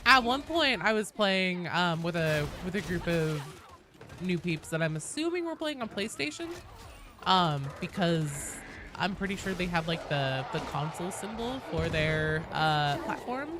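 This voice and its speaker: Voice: medium pitch, big pitch swings, a little slow, bright, forceful tone, slight background noise. A game streamer in casual live-stream chat while gaming, rambling with lots of fillers and restarts in a Valley Girl-like way of talking.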